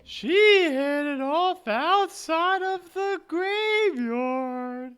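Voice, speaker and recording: A game master voicing the timid ghost of a murdered young woman in a tabletop game, with a high, wavering, drawn-out wail. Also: lively intonation, fairly bright tone, full character voice. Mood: timid, ghostly.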